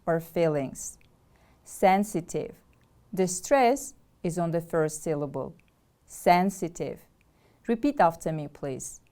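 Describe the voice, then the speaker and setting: Slow, clear Kyrgyz woman teaching English. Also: fairly low pitch, mellow. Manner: deliberate, drills words and asks pupils to repeat. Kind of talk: slow, clear classroom instruction.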